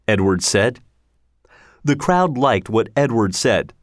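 A man reads a children's story aloud, unhurried and carefully paced. His pitch rises and falls expressively through each sentence. The sound is dry and close with no room around it. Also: dry recording. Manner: slow, measured, expressive. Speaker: narrator. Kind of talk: storybook narration read aloud.

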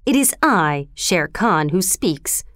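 A woman's voice: lowish voice, big pitch swings, slow pace, a bit bright, no echo, studio quality, full character voice. A woman voicing an arrogant, menacing male tiger in a storybook reading, speaking angrily and commandingly. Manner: domineering, angry.

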